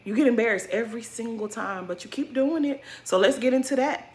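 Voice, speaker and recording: A woman's voice: a little high, fairly quick, darkish tone. A woman giving a casual recap of a reality TV episode, blunt and sassy, full of slang and cursing. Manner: colloquial slang-heavy talk.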